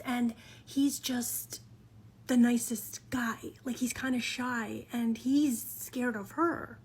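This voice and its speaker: A woman telling a true creepy story in a casual, dramatic way, often dropping into hushed whispers and swearing freely. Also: high voice, flat delivery, slow, vocal fry, breathy edge.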